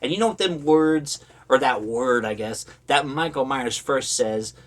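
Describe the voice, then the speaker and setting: A man's voice: mid-range voice, a little slow. A man talking casually about horror movies, rambling with lots of fillers and sarcastic asides. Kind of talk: casual opinionated commentary.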